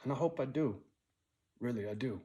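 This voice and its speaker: A man's voice: medium pitch, lively intonation, moderate pace. Blunt, swearing man telling a story. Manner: blunt, heavy swearing, frequent "right?" tag; angry when telling the story, quiet and weary when reflecting. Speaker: vlogger telling a personal story. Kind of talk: casual storytelling monologue.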